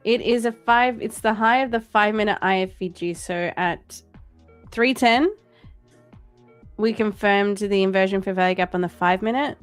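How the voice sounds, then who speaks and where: A woman's voice: medium pitch, normal speed, smooth, soft background music. A woman hosting a live trading stream in casual chat, playful, laughing often and reading viewer messages aloud.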